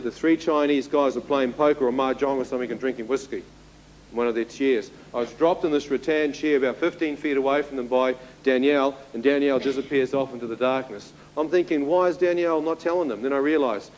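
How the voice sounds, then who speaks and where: A man's voice: mid-range voice, a little hiss or hum, low-quality recording. Man vividly telling his story. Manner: vivid storytelling with audience asides. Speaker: testimony speaker. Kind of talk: spoken testimony to an audience.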